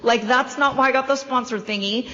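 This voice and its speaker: A woman's voice: sits high, bright, forceful tone. Wry woman speaking in an echoey hall. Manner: wry, self-deprecating storytelling with quick asides. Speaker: convention opening speaker. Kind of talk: recovery meeting speaker share. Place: large hall. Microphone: podium microphone. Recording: dull, echoey hall recording.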